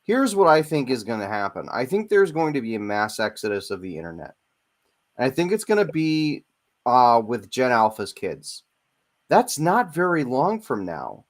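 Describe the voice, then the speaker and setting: A man's voice: medium pitch, big pitch swings, normal speed. A man in his forties co-hosting a casual chat, rambling and hesitant, with many fillers. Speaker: podcast co-host.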